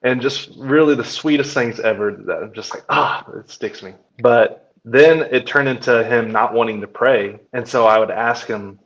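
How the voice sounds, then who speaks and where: A man's voice: medium pitch, moderate pace, few pauses, a bit bright, highs cut off. A young man, a podcast co-host, chatting casually and telling family stories, acting out his son's lines. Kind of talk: casual chat.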